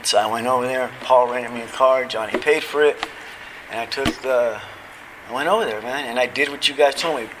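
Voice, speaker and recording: There's background noise as a middle-aged man with a mid-range voice speaks a little fast at a recovery convention. Standing in the convention hall, he recounts his personal story with heart and casual slang like "man" and "dude".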